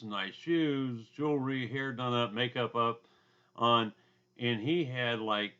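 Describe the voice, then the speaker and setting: A man with a loud booming voice and a drawl, giving a casual recorded lecture from his home basement, with asides and throat clearing. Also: muffled recording. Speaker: instructor.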